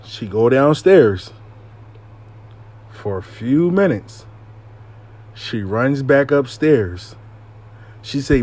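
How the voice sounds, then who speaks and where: A man's voice: mid-range voice, drawn-out words, long pauses. A man hosting a casual storytime, telling it animatedly with frequent swearing and catchphrases. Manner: animated, profane, repeats "I lie to you not". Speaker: host and storyteller.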